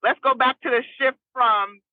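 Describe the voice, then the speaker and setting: A woman's voice: sits high, steady tone, moderate pace, no echo. Chatty woman guest on a tinny phone line. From New Jersey. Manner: chatty, laughs often between stories. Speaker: guest, recording artist. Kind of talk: casual storytelling interview.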